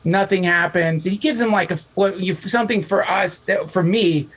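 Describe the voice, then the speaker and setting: A man, a podcast guest, telling a long story in casual chat, animated and profane, acting out the voices of the people in it. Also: high-pitched, normal speed, low-quality recording.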